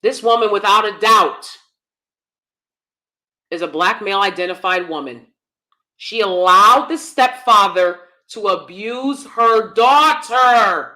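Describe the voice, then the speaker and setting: A woman's voice: medium pitch, slow pace, bright, forceful tone. A woman hosting live-stream commentary, blunt and emphatic, often repeating herself. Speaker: commentary channel host.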